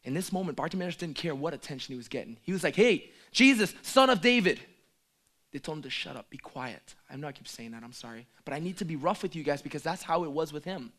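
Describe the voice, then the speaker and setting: High-voiced male preacher. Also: fast talker, hardly any pauses. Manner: swings from hushed asides to loud emphatic calls. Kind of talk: sermon.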